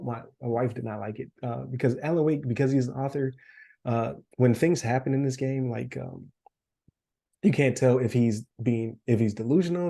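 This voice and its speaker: A man's voice: mid-range voice, gravelly, warm tone. A man co-hosting a podcast in casual chat, losing his voice, rambling with fillers and frequent laughs. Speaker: podcast co-host.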